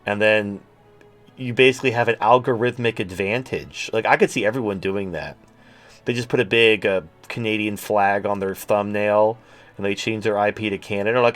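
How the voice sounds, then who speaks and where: Lowish voiced guy rambling crude jokes on stream, faint music under. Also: fairly even intonation, moderate pace. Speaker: host. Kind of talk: casual livestream talk.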